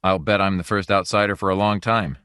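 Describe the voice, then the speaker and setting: A guarded stranger in an audiobook who speaks carefully and hesitantly, as a male reader voices him. The voice is deep and close, with a dry sound. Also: steady tone, a little fast, sharp tone, smooth, no echo.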